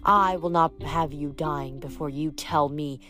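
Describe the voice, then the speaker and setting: Bitter monster spider, slow and hissing, read by a woman with a low voice. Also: fairly bright tone. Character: bitter vain giant female spider weaver. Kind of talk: audiobook reading.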